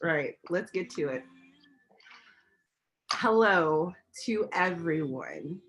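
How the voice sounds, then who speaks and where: A woman craft instructor greeting a big online class, excited and bubbly and laughing often, on a webcam mic. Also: lowish voice, slow, poor audio.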